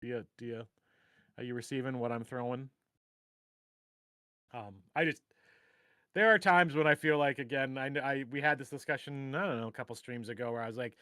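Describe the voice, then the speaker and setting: A man's voice: mid-range voice, sharp tone, smooth, dry recording, studio quality. A middle-aged man hosting a casual live stream, rambling and joking at his own expense. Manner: rambling, joking, self-deprecating. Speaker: host.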